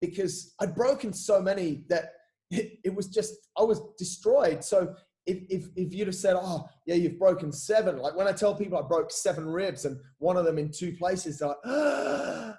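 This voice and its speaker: Candid man, slightly high voice. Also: moderate pace, darkish tone. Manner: casual, repeats words, says mate often, swears freely. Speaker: podcast guest. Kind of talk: candid storytelling in an interview.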